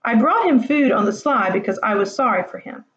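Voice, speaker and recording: A woman reading the part of an excited Roman schoolboy telling a story. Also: fairly high pitch, fairly quick. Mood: chatty. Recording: roomy, dull lo-fi home recording.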